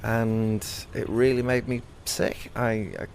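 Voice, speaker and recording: A young man answers interview questions in a low, earnest voice, thoughtful and growing animated as he recounts. Faint ambience hums behind him. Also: takes it slowly, creaky, slight background noise. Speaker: comedy performer being interviewed.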